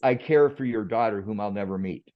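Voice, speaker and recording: A man's voice: on the low side, a little fast, highs cut off. A man who is a management expert, a guest on a podcast, telling reflective stories in a conversational way. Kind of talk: conversational storytelling.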